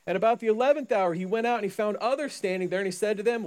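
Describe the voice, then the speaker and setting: A man's voice: high voice, racing. A man giving a sermon, reading scripture and then riffing on it in a loose, joking way, acting out the people in the story. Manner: conversational, jokey preaching, acts out characters. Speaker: pastor.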